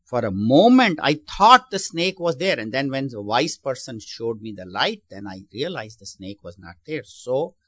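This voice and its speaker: A man's voice: mid-range voice, sing-song, moderate pace, few pauses, a bit bright, no room sound. A man teaching a spiritual lesson in a sermon style, explaining patiently, asking his listeners questions, and often restarting his phrases. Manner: explanatory, asks the audience questions.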